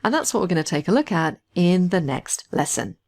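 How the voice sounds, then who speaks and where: A woman instructor talking through a spreadsheet tutorial step by step in a clear, methodical way. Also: on the low side, sing-song, brisk, a little mellow. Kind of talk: screen-recorded software tutorial.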